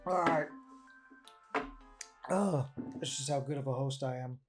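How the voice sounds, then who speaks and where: A podcast host chatting casually with a guest, loose and profane and quick to laugh. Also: medium pitch, faint music behind. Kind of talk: casual chat.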